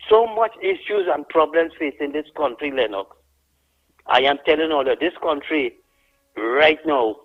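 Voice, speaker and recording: A man with a Trinidadian accent calling in to a radio show, ranting indignantly. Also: a little high. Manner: heated, indignant. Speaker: caller. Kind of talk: call-in radio rant. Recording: muffled phone line.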